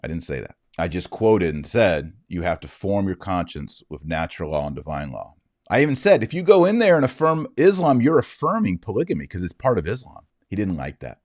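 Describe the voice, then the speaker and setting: A middle-aged man hosting a podcast, telling a story in a lively way and acting out the quoted dialogue. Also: low-pitched, brisk, no echo, clean studio sound. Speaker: podcast host. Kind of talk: casual commentary monologue.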